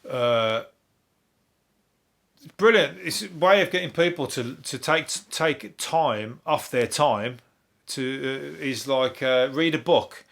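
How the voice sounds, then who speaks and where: Brummie bloke doing a sweary rambly news rundown, chuckles at himself, mid pitched. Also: male voice, expressive, slow, a bit bright. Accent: Birmingham. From England. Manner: swears constantly, rambling asides, laughs at own jokes. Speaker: comedian podcast host. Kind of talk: rambling comic news review.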